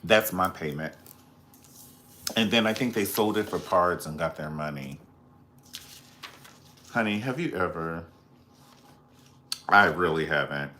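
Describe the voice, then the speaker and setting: A man hosting a casual pop culture commentary, profane and dramatic, breaking into high squeals when he quotes people. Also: measured pace, long pauses, pushed and bright, slight background noise. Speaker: host.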